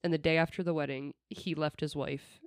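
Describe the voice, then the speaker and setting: A woman's voice: low voice, fairly even intonation, a little fast, clear, resonant tone, no room sound. A young woman hosting a podcast, telling a true crime story with chatty, laughing asides into a desk mic. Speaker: podcast host.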